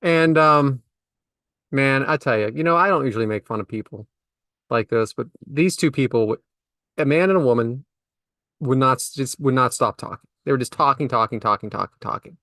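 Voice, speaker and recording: A man's voice: mid-range voice, normal speed, no echo, studio quality. A man telling a casual, exasperated anecdote, repeating himself for comic effect. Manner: animated, exasperated storytelling with repetitions. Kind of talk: casual storytelling chat.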